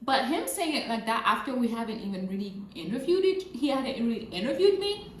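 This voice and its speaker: Animated woman telling a story. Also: on the high side, fairly quick. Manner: animated retelling, repeats phrases for emphasis. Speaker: vlogger. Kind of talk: casual storytime. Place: near a road with passing cars. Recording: roomy sound with faint traffic noise. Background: passing traffic.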